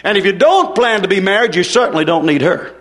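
High-voiced fiery preacher. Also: male voice, sing-song, quick pace. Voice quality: folksy, emphatic, swinging between soft asides and forceful declarations. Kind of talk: fiery sermon.

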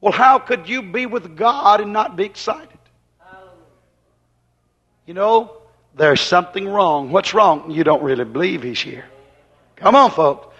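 A man preaching a fervent sermon, emphatic and repetitive, swinging between loud exclamations and hushed asides. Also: high voice, expressive, unhurried, pauses often, breathy edge. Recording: dull lo-fi recording.

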